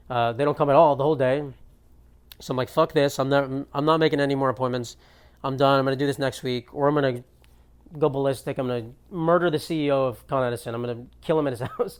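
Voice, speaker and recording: A man's voice: medium pitch, steady tone, quick pace, clear, resonant tone. A young man from the United States ranting through an exasperated, profane comedic monologue as a podcast host in his apartment.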